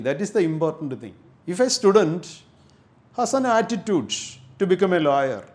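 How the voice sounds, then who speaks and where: Emphatic Indian English teacher, higher voice. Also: male voice, a little mellow. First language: Malayalam. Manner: repetitive, emphatic, spells words out letter by letter. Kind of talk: classroom lecture.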